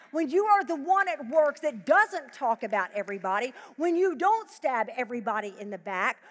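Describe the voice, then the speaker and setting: Female Bible teacher, high register, sermon delivery that drops to a hush and then builds loud, live arena reverb. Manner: emphatic preaching, swinging from hushed to loud. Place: large live event venue.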